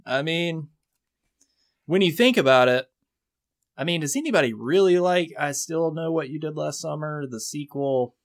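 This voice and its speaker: A man's voice: on the high side, normal speed. A man co-hosting a casual podcast, talking in an easygoing, joking way with fillers. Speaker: podcast co-host. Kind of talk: casual chat.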